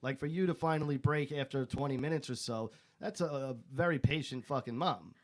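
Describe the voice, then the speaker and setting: Man podcast co-host, mid-pitched voice, laid-back, blunt, casual swearing. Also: brisk. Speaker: father.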